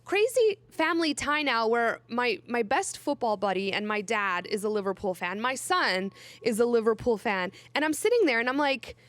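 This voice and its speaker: Young woman, higher voice, dry close sound; chatty podcast host who gets emotional and laughs. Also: expressive, normal speed, hardly any pauses, a bit bright, no room sound. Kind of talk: casual chat.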